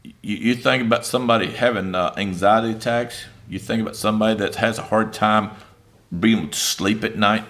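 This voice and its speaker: Bright-voiced male preacher, animated. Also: medium pitch. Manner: conversational, animated preaching with many fillers; reads scripture aloud and paraphrases it. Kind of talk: sermon.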